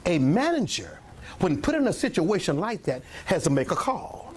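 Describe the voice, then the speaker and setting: An older man, a pastor telling a rambling, animated story in a sermon to his congregation, often clearing his throat and coughing. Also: high voice, moderate pace, slight background noise. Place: church meeting room with a congregation.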